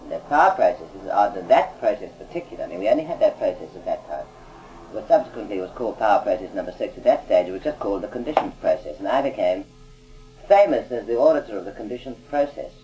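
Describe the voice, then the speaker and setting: A man's voice: fairly low pitch, expressive, fast talker, mellow, low-quality recording. A man recounting his past work as an auditor in a rambling, conversational way, often adding "you see.". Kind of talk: anecdotal recorded talk.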